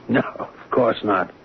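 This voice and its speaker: An actor playing a calm, measured brokerage boss in a 1970s radio drama. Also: male voice. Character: calm, smooth older male brokerage boss. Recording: dull 1970s radio broadcast.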